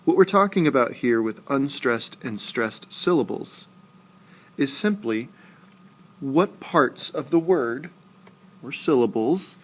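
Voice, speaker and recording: In a screencast voice-over, a man teaches a recorded lesson with medium pitch, speaking slowly and deliberately and repeating example words aloud.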